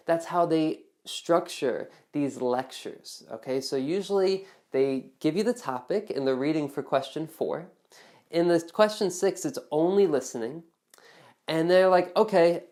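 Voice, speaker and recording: A woman with a notably deep voice explains exam speaking strategy to the camera. Her delivery is casual and conversational, checking in with the listener often. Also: dark tone. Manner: conversational, checks in with "okay?", acts out example dialogue. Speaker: TOEFL test-prep teacher.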